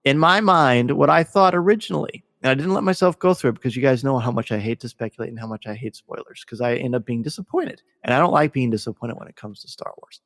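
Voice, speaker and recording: A man hosting a casual podcast discussion, gushing and excitable as he tells a story. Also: medium pitch, quick pace, few pauses, no echo, studio quality, big-room sound. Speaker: podcast host.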